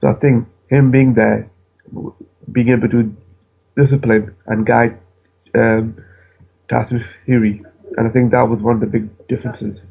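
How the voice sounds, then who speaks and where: Gravelly man on a tinny phone line. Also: mid-range voice, little pitch movement. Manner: halting, stammering restarts. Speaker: phone-in caller. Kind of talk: casual boxing chat. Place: at home with the television on.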